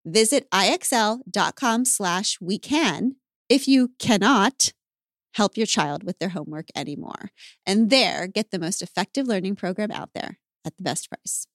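A woman's voice: mid-range voice, expressive, measured pace, dry recording. A woman hosting a podcast, eager and enthusiastic in conversation. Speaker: podcast host. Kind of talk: casual chat. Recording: dry studio mic.

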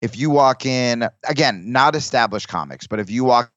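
A comedian guest talking in casual podcast chat, rambling with restarts and acting out quoted lines. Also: male voice, mid-range voice, expressive, normal speed, a bit bright, no echo, highs cut off.

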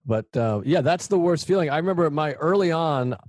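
A man who hosts a comedy podcast, telling relaxed, self-mocking stories from his early years in stand-up. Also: on the high side, fairly quick, no echo. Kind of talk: casual conversation, storytelling.

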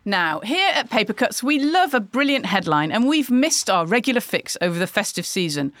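An enthusiastic woman hosts a chat about the day's papers, giggling as she goes. Her pitch bounces all over the place, and the recording is close and dry, with no room sound. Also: big pitch swings, moderate pace, a bit bright, dry recording. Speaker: podcast host. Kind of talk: casual newspaper review chat.

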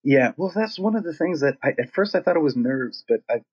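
A middle-aged man with a husky, slightly breathy voice tells a sprawling story in a relaxed interview. He rambles and swears freely, jumping into other people's voices as he goes. The audio is dull and lo-fi. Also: on the high side, fairly quick. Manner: rambling, profane, animated when quoting himself and others. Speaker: guest, rock singer.

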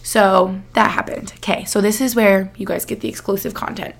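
A woman's voice: mid-range voice, steady tone, moderate pace, gravelly. A young woman from the United States hosting a podcast, telling a long story in a chatty, rambling way full of "like"s. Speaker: podcast host. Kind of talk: casual chat.

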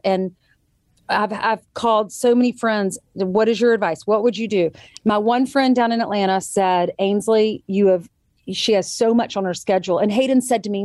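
A woman's voice: mid-range voice, darkish tone, no room sound, clean studio sound. A woman guest, an author and television co-host, telling a long story about her young daughter in a casual conversation, often quoting others as she goes. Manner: earnest storytelling, quoting others in changed voices.

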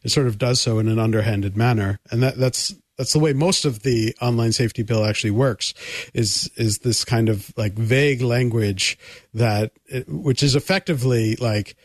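A male guest with a mid-pitched voice gives measured, analytical points in a casual discussion. The sound is dry and close. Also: no echo. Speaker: podcast guest.

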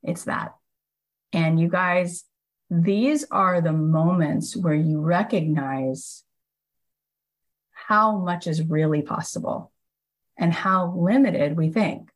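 A woman with a notably low voice hosts a podcast and tells a story in a loose, conversational way. She retells events with lively energy and leans on "like" as a filler between thoughts. The tone stays casual and unscripted throughout. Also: takes it slowly, rough recording. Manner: animated retelling, frequent "like" fillers. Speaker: podcast host and coach.

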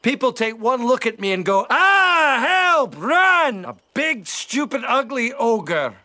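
An actor playing a grumpy, lonely male ogre with a Scottish accent, speaking bitterly in an animated film. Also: very high voice, slow, exaggerated voice. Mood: bitter, resigned. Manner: bitter, self-pitying.

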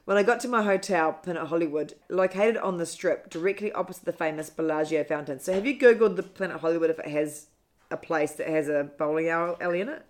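Female podcast co-host, lower voice, wry reader who keeps stopping to comment. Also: a little fast, a little hiss or hum. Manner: amused, wry, breaks off to comment while reading. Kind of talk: casual chat, reading a manuscript aloud.

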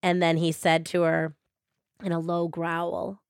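A woman hosting a podcast, casually retelling a true-crime story and paraphrasing quotes in quick animated bursts. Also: on the low side, clean tone, dry recording, clean studio sound. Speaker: podcast host.

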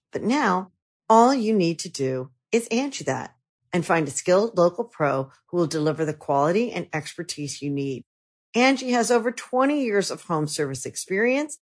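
Woman reading a podcast ad. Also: lowish voice. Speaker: ad reader. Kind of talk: podcast ad read.

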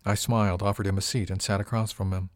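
Wry male narrator, lowish voice, dry close recording, measured storytelling. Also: flat delivery, no room sound. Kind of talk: audiobook narration.

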